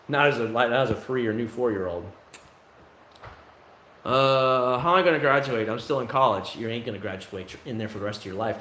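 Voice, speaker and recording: A man's voice: fairly quick, slight background noise. Chatty man streaming from a roomy home. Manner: rambling, chatty, with sudden loud, high bursts. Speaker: livestreamer. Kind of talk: casual livestream chat. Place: at home, indoors. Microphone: phone.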